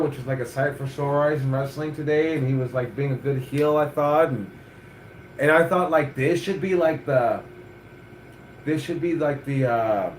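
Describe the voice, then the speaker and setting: Middle-aged man, wrestling coach, blunt and cursing, slightly high voice, echoey room. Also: slight background noise. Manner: blunt, profane, fired-up. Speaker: wrestling coach and podcast host. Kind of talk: casual chat.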